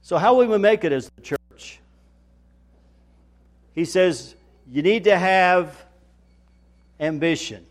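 Folksy preacher, rather high voice. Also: male voice, slow, long pauses. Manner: folksy preaching, rising to loud emphatic repetition. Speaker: pastor. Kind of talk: sermon.

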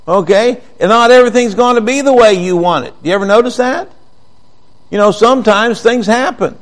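A high-pitched man delivering a sermon in an easygoing, conversational way. He reads scripture aloud and keeps pressing his listeners with rhetorical questions. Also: moderate pace, long pauses. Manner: conversational, animated Bible teaching with rhetorical questions. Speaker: preacher.

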